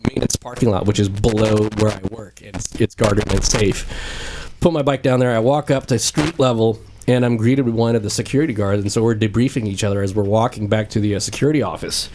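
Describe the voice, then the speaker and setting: A man in a lively group podcast chat, telling a story with energy and swearing freely. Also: lowish voice, fairly quick, a little hiss or hum. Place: room with several people.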